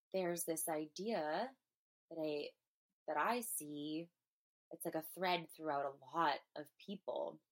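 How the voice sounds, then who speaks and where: A woman hosts her own podcast and talks at length about her feelings and experiences. She is earnest and emotional, and she wanders with frequent "um"s and restarts. Her voice sits a little low for a woman. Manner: earnest, emotional, meandering with fillers. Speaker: podcast host. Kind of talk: personal spiritual monologue.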